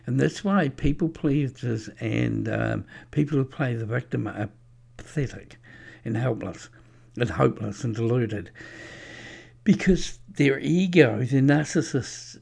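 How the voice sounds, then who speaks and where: A man's voice: medium pitch, warm tone. A man giving a rambling, preachy religious monologue with anecdotes, many fillers and restarts. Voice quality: gravelly. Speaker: religious speaker.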